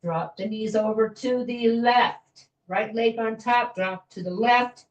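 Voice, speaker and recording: A woman fitness instructor guiding a floor stretching class in a gentle, chatty way, with small jokes about herself. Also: a little high, takes it slowly, recorded from a distance, dull audio. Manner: gentle, chatty, self-joking with little laughs. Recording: echoey room, voice from afar.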